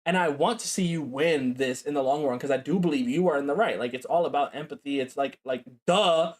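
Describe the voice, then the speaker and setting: A man's voice: fairly high pitch, fairly quick. A man streamer reacting to a video, talking casually and bluntly with lots of swearing and "bro". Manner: casual, profane, says bro and like a lot.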